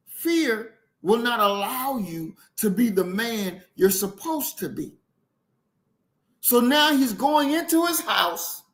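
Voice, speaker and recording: Male commentator, slow and preachy, emphatic delivery. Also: lively intonation. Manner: preachy, emphatic, swings from shouting to low murmurs. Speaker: commentator reacting to a clip. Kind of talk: impassioned commentary.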